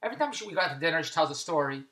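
This comedian has a low-pitched, slightly bright voice with lively intonation, and she speaks rapid-fire. Her monologue is an exasperated comic rant full of stammered restarts and repeated questions, recorded in a room with noticeable echo.

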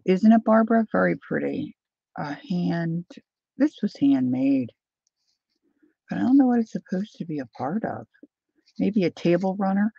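Slow, gravelly woman chatting on a livestream. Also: lowish voice, dark tone, no room sound, lo-fi sound. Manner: chatty, talks to her viewers as she unpacks. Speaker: livestream host. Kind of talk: casual live chat.

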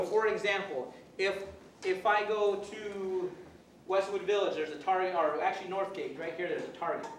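A man's voice: high voice, a little hiss or hum. A male police officer giving an informal workshop lecture, rambling and conversational with many restarts and acted-out examples. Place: college classroom. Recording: echoey room, mic far off.

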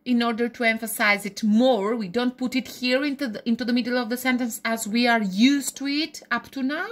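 A woman's voice: a little high, fairly even intonation, brisk, a bit bright. Woman teacher checking in with "okay?". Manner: explains step by step, checking with "okay?"; frequent restarts and self-corrections. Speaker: English teacher. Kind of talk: grammar lesson.

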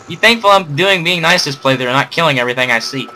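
A man's voice: fairly high pitch, lively intonation, quick pace, bright, forceful tone, a little hiss or hum. A young man doing playful, sarcastic game commentary, rambling and joking at the screen. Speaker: gamer doing a let's play.

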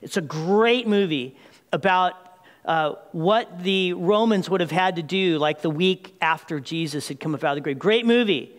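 A man preaching a sermon as pastor, retelling the story with lively asides and calling the congregation "people.". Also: sits high, moderate pace, big-room sound. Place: church sanctuary.

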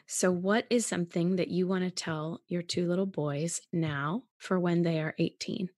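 A woman's voice: on the low side, steady tone, moderate pace, a little mellow, no room sound, studio quality. A woman hosting a podcast, asking questions and affirming her guest in casual chat. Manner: affirming, chatty, asks questions. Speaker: podcast host.

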